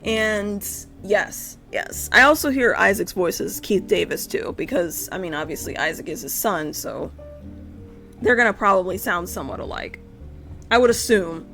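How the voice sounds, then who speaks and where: A young woman with a gravelly, fry-laden voice chats loosely on a live stream as she draws. She rambles, cuts herself off mid-thought and swears offhand. Faint music plays underneath. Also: medium pitch, lively intonation, moderate pace, fairly bright tone. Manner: rambling, self-interrupting, swears casually. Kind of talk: casual live-stream chat while drawing.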